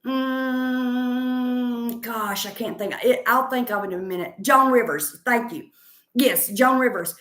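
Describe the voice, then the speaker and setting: A woman's voice: medium pitch, normal speed, pushed and bright, echoey room. A woman comedian with a Southern accent, chatting casually in a rambling, confident way while answering viewer comments. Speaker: stand-up comedian.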